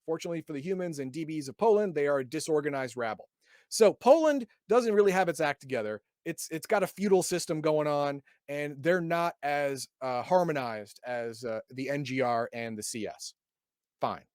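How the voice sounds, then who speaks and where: A man's voice: on the high side, lively intonation, moderate pace, darkish tone, no echo, clean studio sound. Sarcastic man reading and riffing. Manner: sarcastic, reads passages then adds wry asides; stumbles and repeats words often. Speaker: podcast host reviewing a game book. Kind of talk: casual chat reading and riffing on a book.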